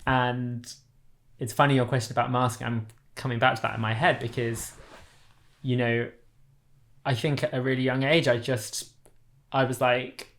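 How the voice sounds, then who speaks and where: Posh English man, gravelly and flat. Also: mid-range voice, normal speed, pauses often. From England. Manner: thoughtful, restarts sentences while thinking aloud. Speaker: artist and interviewer. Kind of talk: reflective conversation.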